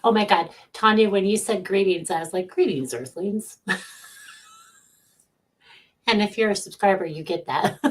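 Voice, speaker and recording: A woman's voice: mid-range voice, slow, pauses often. A middle-aged woman hosting a casual livestream as a psychic medium, chatting from home, greeting viewers by name and laughing often.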